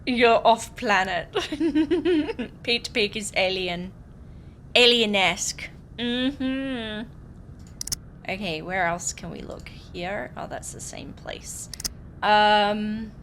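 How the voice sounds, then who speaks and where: Young Aussie streamer, bubbly and giggly, slow relaxed chat, faint hum behind. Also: female voice, medium pitch. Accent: Australian. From Australia. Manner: bubbly, giggly, chatty with viewers. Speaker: game streamer. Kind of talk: casual let's-play chat.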